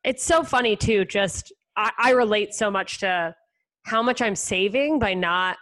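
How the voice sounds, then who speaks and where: A woman's voice: mid-range voice, unhurried, fairly bright tone. A woman hosting a podcast, chatting casually, laughing often and swearing freely. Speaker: podcast host. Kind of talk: casual chat.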